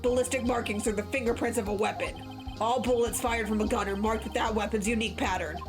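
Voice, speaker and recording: A self-assured young male defense lawyer laying out his case, read aloud by a woman in her own fairly high voice. The delivery is steady and dramatic, with game music clearly behind. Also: fast talker, natural voice. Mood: explaining.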